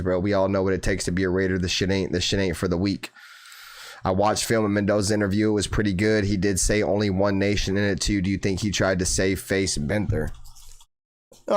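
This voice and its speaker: Male stream host, somewhat low voice, casual and excitable, swears freely. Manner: excitable, swears, bursts into loud mock wailing. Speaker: fan channel host. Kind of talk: casual live-stream chat.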